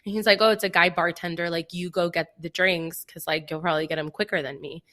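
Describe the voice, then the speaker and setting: A young woman with a bright, forceful voice tells a story on a casual podcast. She acts out what everyone said and fills her talk with "like." The delivery is animated and chatty. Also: on the low side, quick pace. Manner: animated storytelling, acting out quoted dialogue, frequent "like". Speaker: podcast co-host. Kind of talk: casual chat.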